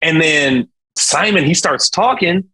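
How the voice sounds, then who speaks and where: A young man with a husky, fairly high voice, talking as a guest on a casual interview show. He tells his story in a lively, slangy way and throws in sound effects. The feel is loose and conversational. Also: a little slow, poor audio. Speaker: guest, singer.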